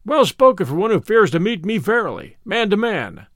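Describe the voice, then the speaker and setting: A man's voice: high-pitched, very animated, normal speed, no room sound, studio quality. A man voicing a taunting, bragging champion cudgel fighter who mocks his rivals in old-fashioned words. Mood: scornful. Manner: loud, mocking, old-fashioned speech.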